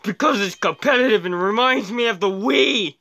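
A Canadian man hosting his own gaming channel gives excitable let's-play commentary, shouting at the game as he races. His voice is high-pitched and his pace moderate.

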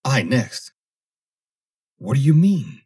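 A man reading an audiobook, voicing a terrified, cowardly grown man who pleads in a shrill, panicky voice. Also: sing-song, a little slow, darkish tone, husky, full character voice. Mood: panicked. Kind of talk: audiobook character voice.

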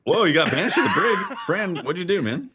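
A man's voice: high-pitched, huge pitch swings, brisk, sharp tone, breathy edge. A man in casual multiplayer game chat, teasing with dry jokes. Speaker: gamer.

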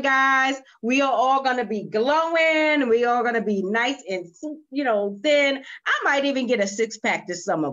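A woman hosting a virtual spa session over a video call, energetic and cheery, calling out to her viewers. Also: sits high, muffled recording. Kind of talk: lively livestream chat.

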